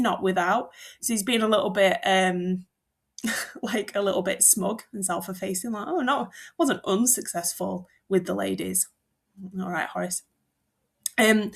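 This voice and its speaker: A woman's voice: mid-range voice, vocal fry. A young woman teacher explaining a poem in a chatty, informal way, with asides. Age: young adult. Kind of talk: classroom-style explanation.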